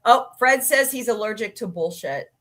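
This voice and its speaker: A woman's voice: mid-range voice, lively intonation, moderate pace, a bit bright. Chatty goofy woman livestream host. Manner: chatty, goofy, laughs easily. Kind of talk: casual chat reading live comments. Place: home, cats nearby.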